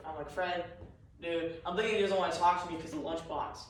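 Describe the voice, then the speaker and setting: A man's voice: fairly high pitch, steady tone, fast talker, a little hiss or hum. Man rambling a comic story, echoey. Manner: meandering, confused storytelling. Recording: echoey room, far from mic.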